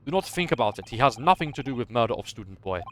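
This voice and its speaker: A man doing a gruff, loud burly sailor. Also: medium pitch, animated, very fast, slight background noise, close to an everyday voice. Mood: blunt. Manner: gruff, blunt, loud, clipped grammar. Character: burly rude male ship's sailor, broken English.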